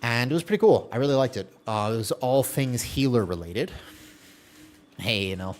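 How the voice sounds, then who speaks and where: Animated man chatting on a game stream. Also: medium pitch, moderate pace, slight background noise. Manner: chatty, reads and answers viewer chat while playing; laughs often, trails off mid-sentence. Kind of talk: casual live-stream chat.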